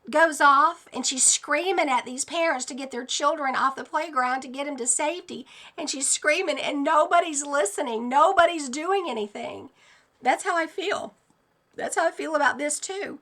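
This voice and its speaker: Woman vlogger, bright and fairly high voice, earnest, animated warnings in casual talk. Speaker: channel host sharing dreams. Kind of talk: casual vlog monologue.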